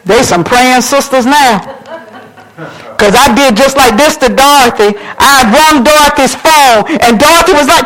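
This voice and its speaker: A woman's voice: sits high, moderate pace, a bit bright, poor audio. A woman pastor preaching a sermon fervently, speaking straight to her congregation.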